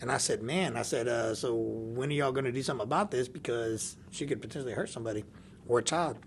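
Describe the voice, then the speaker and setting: A man of middle pitch tells a story in casual podcast chat, full of life, often laughing and playing out each person's lines. A faint hum of ambience sits behind his voice. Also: quick pace. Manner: animated, laughs often, acts out dialogue. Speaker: podcast guest.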